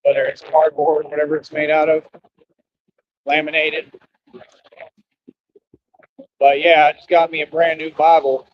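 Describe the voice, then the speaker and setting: A man's voice: a little high, little pitch movement, measured pace, long pauses, no echo. A young man with an American country accent, a live streamer delivering a brash, preachy rant to his viewers. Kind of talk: ranting monologue to viewers. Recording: dull lo-fi stream audio with faint noise.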